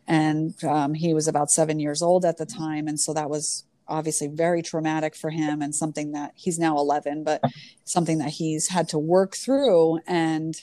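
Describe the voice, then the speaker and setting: Woman in her thirties with a low, dark voice, earnest and searching for words, casual chat. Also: level tone, moderate pace. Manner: earnest, storytelling with hesitant fillers. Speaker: yoga teacher. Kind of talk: casual conversation.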